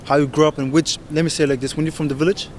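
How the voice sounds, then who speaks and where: A man explaining things casually in a street interview, relaxed and slangy. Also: a little high, racing, slight background noise. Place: city street outdoors.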